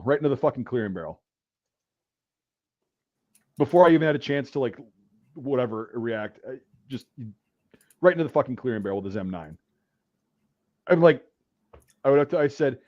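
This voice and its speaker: Casual host, male, animated storyteller, swears freely, dull lo-fi audio. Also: mid-range voice, fairly quick, long pauses. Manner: profane, animated storytelling, acts out yelling. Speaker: podcast host, veteran telling army stories. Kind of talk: casual chat.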